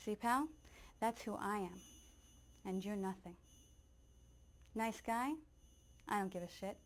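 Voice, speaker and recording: A woman's voice: medium pitch, slow pace. A woman performing the monologue of a harsh, profane male sales boss. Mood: scornful. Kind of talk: audition monologue.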